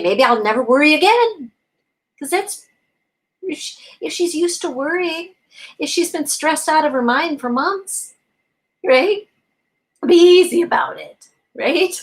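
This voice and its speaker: A woman co-hosting a casual spiritual chat, talking in a gentle, encouraging way and often asking "right?". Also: high-pitched, rough recording. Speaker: co-host.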